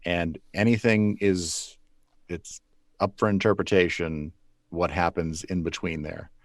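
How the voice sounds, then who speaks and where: Deep-voiced man telling studio stories. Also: fairly even intonation, unhurried, dry recording. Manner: loose, rambling with restarts and chuckles. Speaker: puppeteer guest. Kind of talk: relaxed interview answers.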